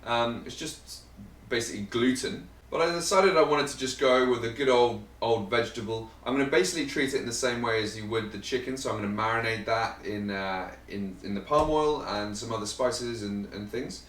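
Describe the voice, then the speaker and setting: A man's voice: mid-range voice, brisk, fairly bright tone. A man hosting a vegan cooking channel, chatting casually to camera as he explains ingredients, rambling and joking about himself. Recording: roomy sound, mic set at a distance.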